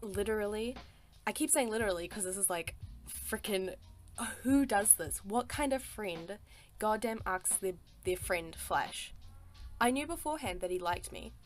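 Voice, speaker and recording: A woman's voice: mid-range voice, lively intonation, normal speed, soft background music. A woman telling a personal story in a casual voice-over, emphatic and exasperated, swearing freely and filling her talk with "like" and "sis". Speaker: storytime artist.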